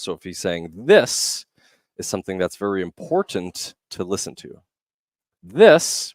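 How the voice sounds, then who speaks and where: A man's voice: low-pitched, no echo. A young man coaching on public speaking over a video call, explaining emphatically and varying his pace to stress points. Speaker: communication coach.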